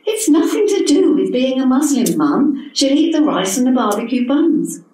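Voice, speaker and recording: A woman's voice: sits high, sing-song, normal speed, dark tone, voice pushed up. An older woman reading the part of an earnest, touchy young adult son who protests with dignity. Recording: echoey hall from a distant mic.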